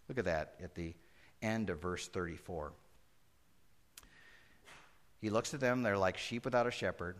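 Man, pastor, sermon, low voice, very animated pitch, conversational then emphatic. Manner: conversational preaching, rising to emphatic peaks.

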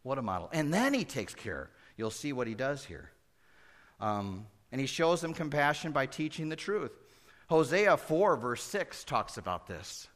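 A man preaching a verse-by-verse sermon as pastor, animated and conversational, swinging between loud emphasis and hushed asides. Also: medium pitch, a little slow. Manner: acts out Bible characters conversationally. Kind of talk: expository sermon.

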